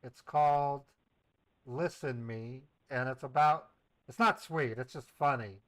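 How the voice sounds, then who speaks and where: Scambait streamer guy, playful and chatty, dry close sound, middle-pitched voice. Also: unhurried, dry recording, low-quality recording. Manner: playful, chatty, feigns eager excitement to the scammer. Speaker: scambaiting livestream host. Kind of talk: casual livestream chat.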